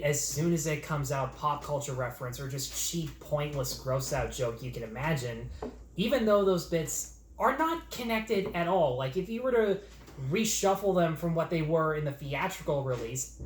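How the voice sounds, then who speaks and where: A man co-hosting a show, chatting casually and rambling through opinionated points. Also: a little high. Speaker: podcast co-host. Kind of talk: casual film chat. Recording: roomy echo, faint noise.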